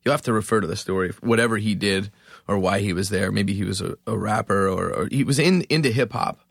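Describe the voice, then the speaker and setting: A man from Philadelphia, a musician guest on a podcast, telling a story in an animated, profane, self-mocking way. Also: on the low side, fast talker, creaky, no echo, clean studio sound.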